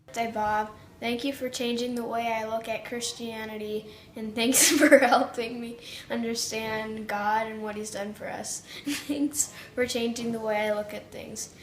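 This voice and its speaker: A woman with a grateful, giggly manner and a slightly high voice. The room echoes around her, with faint ambient noise. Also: steady tone, unhurried. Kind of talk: birthday video message.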